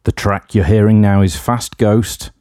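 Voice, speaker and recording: A man's voice: fairly low pitch, flat delivery, measured pace, warm tone, clear, resonant tone, no echo, clean studio sound. A man hosting a music radio show, introducing tracks in a wry, self-deprecating, rambling way. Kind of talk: casual radio DJ links.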